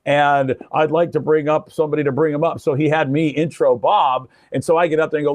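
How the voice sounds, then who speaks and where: Here an older man known from radio talks a little fast in a slightly high voice, barely pausing. There's no room sound as he tells stories conversationally, lively and acting out the people he quotes.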